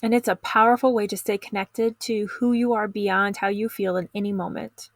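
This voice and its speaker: Woman, teen stress coach, calm, encouraging, talks straight to viewer, dry room. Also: mid-range voice, normal speed, no echo. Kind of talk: instructional video lesson.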